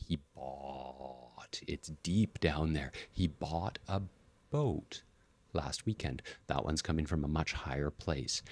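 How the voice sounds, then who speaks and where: A man with a very low, deep voice teaching English pronunciation. He models vowel sounds slowly and deliberately. The recording is dry and close, with no room sound. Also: no room sound. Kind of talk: English pronunciation lesson to camera.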